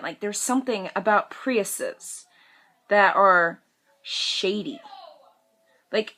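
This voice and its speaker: A woman's voice: mid-range voice, bright, forceful tone. A teenage woman ranting in a casual vlog, chatty and sassy, full of "like" and playful mocking voices. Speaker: vlogger.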